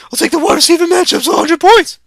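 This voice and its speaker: Brief: man doing a crude young bettor, high and gravelly. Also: quick pace, a bit bright, no room sound, clean studio sound, exaggerated voice. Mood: heated. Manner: crude insulting trash talk. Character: brash profane young male sports bettor.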